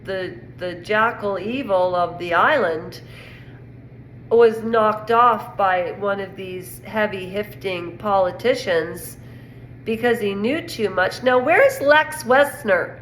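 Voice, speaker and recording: A woman's voice: medium pitch, slow pace, fairly bright tone. A woman from Canada giving a rambling, indignant casual opinion monologue on pop culture. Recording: echoey room with faint noise.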